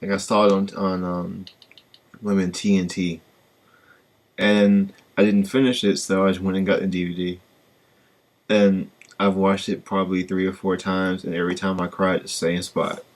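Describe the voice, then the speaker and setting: A man with a very low voice hosts a casual podcast. He talks in a relaxed way, pausing often and restarting his sentences as he thinks. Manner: relaxed, hesitant, many fillers and restarts. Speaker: podcast host. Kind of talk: casual chat.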